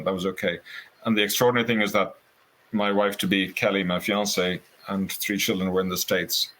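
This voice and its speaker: Man, deep voice, earnest, animated storytelling, casual conversation. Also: poor audio.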